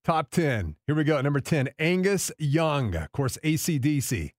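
A man's voice: fairly high pitch, big pitch swings, normal speed, few pauses, no echo, clean studio sound. Upbeat radio host man counting down. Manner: upbeat, chatty, repeats "of course". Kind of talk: countdown list podcast.

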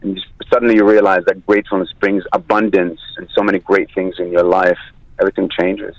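A man's voice: low-pitched, little pitch movement, fast, creaky, no room sound, lo-fi sound. A man speaking earnestly as a guest on a radio show. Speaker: studio guest. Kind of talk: reflective chat.

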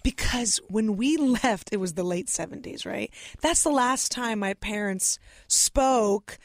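A woman's voice: medium pitch, a little slow, dry recording. A Russian-born woman, a guest comedian whose first language is Russian, telling stories in casual chat and acting out quotes. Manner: animated storytelling, acting out quotes.

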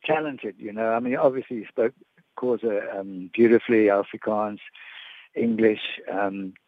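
An older man phones in to a radio show, his voice squeezed thin by the telephone line. He speaks haltingly, doubling back over words and restarting sentences as he remembers. The sound is dry and close, with no room around it. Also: on the low side, steady tone, no echo. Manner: hesitant, many repeated words and restarts. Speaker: guest, veteran sports broadcaster. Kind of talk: phone-in reminiscence.

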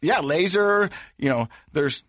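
A man in his forties hosting a podcast, telling family stories in a casual, animated way and laughing at his own jokes. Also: on the high side, slow pace, no room sound, clean studio sound. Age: 40s. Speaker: podcast host.

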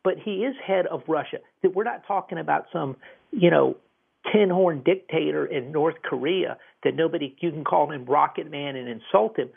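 A man's voice: a little high, normal speed. A man hosting talk radio, giving emphatic political commentary and restarting his sentences often. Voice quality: gravelly, husky. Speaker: radio host. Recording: tinny phone-like radio audio.

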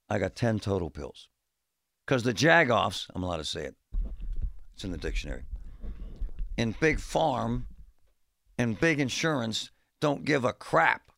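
A man's voice: mid-range voice, vocal fry, fairly bright tone, no echo, studio quality. A man hosting a talk radio show, speaking bluntly in a fed-up, folksy way. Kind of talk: opinionated talk radio monologue. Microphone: studio microphone.

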